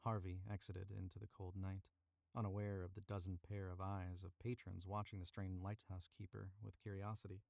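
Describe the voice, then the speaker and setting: Low-pitched and brisk, with vocal fry, a darkish tone and little pitch movement, this man is recorded with no echo. He's a voice actor narrating a story on a live stream from a tight booth, chatting and retaking any line he stumbles on.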